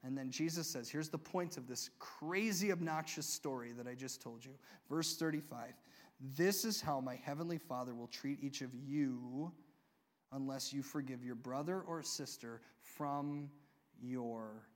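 A man preaching a sermon, reading scripture and talking conversationally, moving between loud excitement and hushed asides. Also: mid-range voice, measured pace. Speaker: pastor.

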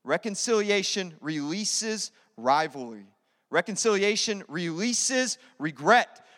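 A male pastor preaching a sermon in an energetic, conversational way, repeating key phrases. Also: high voice. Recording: long hall reverb.

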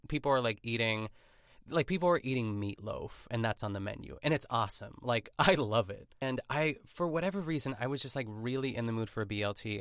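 A man's voice: mid-range voice, a bit bright, clear, resonant tone, dry recording, clean studio sound. A man hosting a podcast, casually recapping a cooking show in a rambling, chatty way full of "like" and restarts. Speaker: podcast host.

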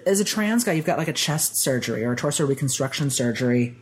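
A man guest on a podcast, telling personal stories in a rambling, animated way full of "like". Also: mid-range voice, fast talker, poor audio. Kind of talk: conversational storytelling.

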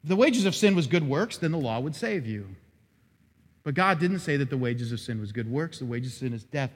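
A man preaching an expository sermon as pastor, animated and dramatic, acting out quoted lines with sudden rises in his voice. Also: mid-range voice, a little fast, breathy edge. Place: church sanctuary. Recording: long hall reverb.

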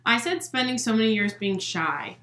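A woman's voice: a little high, expressive, moderate pace, fairly bright tone. A young woman co-hosting a casual podcast, rambling answers full of "like". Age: young adult. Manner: rambling, heavy on "like". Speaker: podcast co-host. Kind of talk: casual chat. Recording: echoey room.

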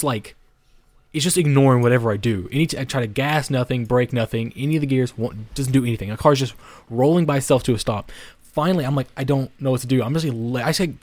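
A man's voice: mid-range voice, no room sound. Rambling young man telling a story. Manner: rambling, heavy swearing, many restarts and "like" fillers. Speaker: podcast co-host. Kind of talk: casual storytelling.

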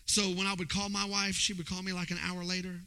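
A man preaching in a church, telling a personal story in a high voice. His tone is sharp and bright, and he jumps into the voices of the people in his story. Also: fast talker. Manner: animated, acts out voices in his stories. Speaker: pastor. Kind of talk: storytelling sermon.

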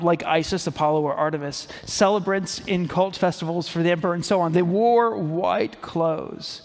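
Brief: male pastor, fairly high voice, earnest sermon delivery that swells to emphasis, long hall reverb. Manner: earnest, builds to emphatic peaks.

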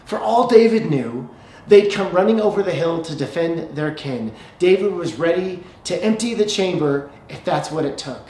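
A male pastor preaching a sermon, telling a story and slowing down for emphasis. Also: fairly high pitch, animated, warm tone. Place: church sanctuary. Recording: echoey church hall, faint ambience.

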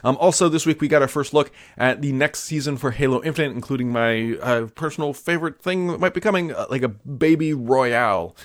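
A man's voice: mid-range voice, brisk, few pauses, no echo, clean studio sound. A man hosting a casual solo tech news show, chatty and offhand, with frequent fillers and asides.

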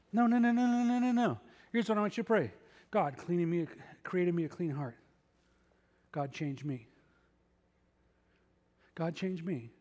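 A middle-aged man preaching a sermon as pastor, conversational with self-deprecating asides. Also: high-pitched. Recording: long reverb of a large hall.

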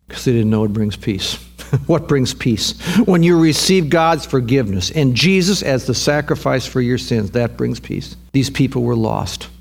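Guy preaching a sermon, earnest, mid pitch, voice climbs when he gets worked up. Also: a little mellow. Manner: earnest, rises in pitch and volume when stirred, repeats words. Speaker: pastor.

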